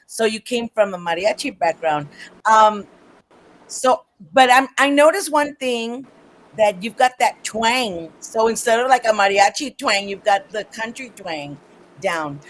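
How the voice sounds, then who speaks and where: Halting, enthusiastic female radio host. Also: on the high side, lively intonation, poor audio. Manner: enthusiastic, halting, with many fillers. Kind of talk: casual radio interview.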